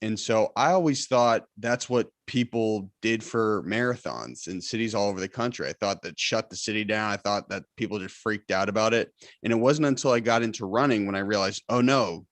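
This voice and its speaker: A man from the Boston area hosting a podcast, asking questions in a relaxed, slightly halting way. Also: lowish voice, no room sound. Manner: relaxed, a bit halting, repeats words as he starts. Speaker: podcast host. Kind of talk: casual interview chat.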